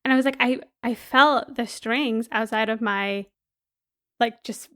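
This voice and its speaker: High-pitched young woman telling a story. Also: unhurried. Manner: animated, laughing often. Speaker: podcast co-host. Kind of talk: casual storytelling chat.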